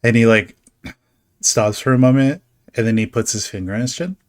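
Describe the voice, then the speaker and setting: A man's voice: medium pitch, moderate pace, no echo, studio quality. A man narrating as game master of a tabletop game, describing scenes in a storytelling way with casual fillers.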